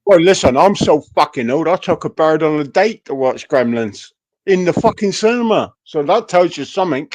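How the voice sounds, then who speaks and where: A somewhat high-voiced man tells swear-laden stories in a loose podcast chat. He acts out his family's voices as he goes. He sounds like he is in his forties. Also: moderate pace. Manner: profane storyteller, animated quoting of family. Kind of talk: casual chat.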